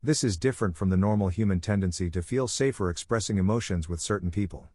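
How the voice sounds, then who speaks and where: A man giving scripted explainer narration in an even, measured, instructive way. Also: sits low, no room sound, clean studio sound.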